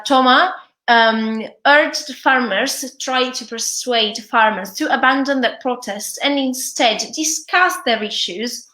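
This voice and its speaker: A woman's voice: fairly high pitch, bright, forceful tone, roomy sound. A woman English teacher with an Italian accent, reading a news article aloud and explaining it, hesitating often with fillers and restarts.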